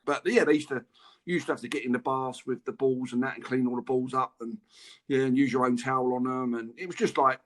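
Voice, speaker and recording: A man's voice: mid-range voice, steady tone, quick pace. A middle-aged English man, a former footballer, telling stories chattily and laughing through his anecdotes in a podcast interview. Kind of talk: casual storytelling interview.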